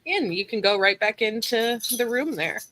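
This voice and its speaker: Bright-voiced woman game master. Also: on the high side, lively intonation, normal speed, poor audio. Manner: easygoing, encouraging. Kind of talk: narrating a tabletop game.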